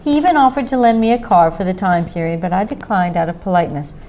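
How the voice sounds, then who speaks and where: A woman reading a mystery short story aloud in a steady, measured narration. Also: on the low side, slight background noise, poor audio. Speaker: story reader.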